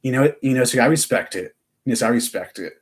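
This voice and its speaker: A man's voice: mid-range voice, animated, fairly quick. A young man chatting on a live stream, rambling with lots of fillers and restarts. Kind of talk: casual live-stream chat.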